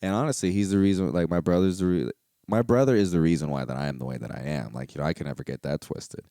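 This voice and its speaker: A young man talks in a rambling, candid podcast monologue, cursing freely and circling back with fillers. His voice sits low and the recording is close and dry, with no room sound. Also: fast, mellow, dry recording. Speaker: podcast host. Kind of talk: casual solo podcast monologue.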